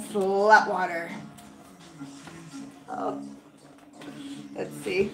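A woman's voice: mid-range voice, slow pace, long pauses. Gushing woman with roomy echo. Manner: gushing, excitable, heavy use of 'like'. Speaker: vlogger. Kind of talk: casual unboxing chat. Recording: roomy echo with faint music.

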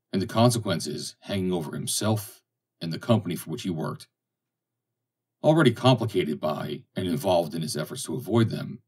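A man narrating an audiobook in a steady, deliberate reading style. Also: low voice, breathy edge.

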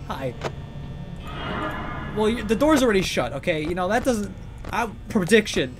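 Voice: mid-range voice, very animated, normal speed, pauses often. A streamer playing a horror game live, panicking, swearing, giggling nervously and greeting chat between scares. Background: game music and sounds.

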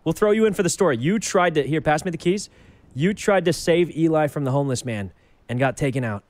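A man with a slightly high voice, talking in character during a game roleplay. he sounds scheming and persuasive, and he rattles off plans and cover stories quickly to his friends. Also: animated, dry recording. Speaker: streamer playing a character.

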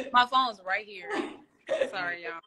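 A woman hosting a casual live video call from her phone at home, bubbly with loud bursts of excitement. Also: on the high side, slow pace, crowd noise. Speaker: host. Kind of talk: casual live-stream chat. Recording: phone audio with background noise.

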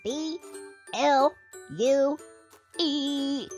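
A woman narrating a toy play video for toddlers in an excited, sing-song voice, speaking as a cheerful toy character. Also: high-pitched, very slow, faint music behind. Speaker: children's video host.

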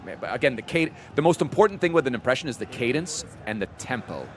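A man's voice: mid-range voice, big pitch swings, quick pace, a little hiss or hum. A young man streaming games and chatting casually with his viewers in a laid-back way. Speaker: game streamer.

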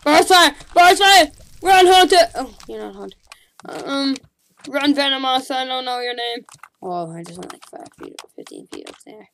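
A woman giving casual, excitable commentary while playing a game, chattering at the creatures on screen and calling out to them. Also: a little high, normal speed, vocal fry. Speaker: gaming channel host.

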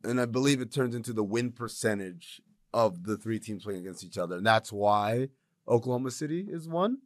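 A man in his thirties co-hosting a sports podcast, joking around in animated casual chat. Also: fairly low pitch, a little fast, no room sound, studio quality. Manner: animated, joking, laughs often. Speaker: co-host.

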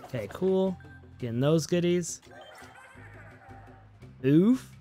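Chatty gamer guy doing let's-play commentary, kinda high voice, upbeat, game music faint behind. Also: expressive, takes it slowly, dark tone. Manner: upbeat, chatty, playful, talks to viewers. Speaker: gaming channel host.

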